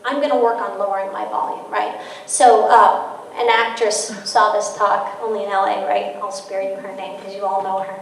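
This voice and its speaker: A woman giving a parenting talk as an author, telling lively stories and acting out the quotes in them. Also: medium pitch, moderate pace, a little hiss or hum. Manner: lively storytelling, acts out quotes. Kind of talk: public lecture. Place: large hall with audience. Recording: echoey hall, distant mic.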